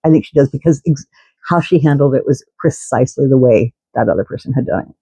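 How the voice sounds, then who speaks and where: A woman's voice: very deep voice, animated, fast talker, vocal fry, mellow, breathy edge, no echo, rough recording. A woman vlogger telling a story in a casual, indignant way, swearing and restarting her sentences.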